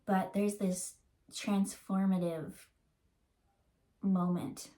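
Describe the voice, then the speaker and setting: A woman talks through a tarot reading in a loose, rambling way, full of "like" and "um" as she searches for words. She gets emotional and slows down to draw out the words she wants to stress. Her voice sits at an ordinary middle pitch for a woman. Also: level tone, dark tone. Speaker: tarot reader. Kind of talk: casual channeled tarot reading.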